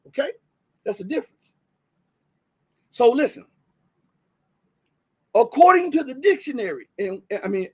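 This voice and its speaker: His voice high and husky, a Southern man casually hosts a livestream, reading from the screen as he talks directly to viewers. He's animated, driving his points home with plenty of restarts and fillers.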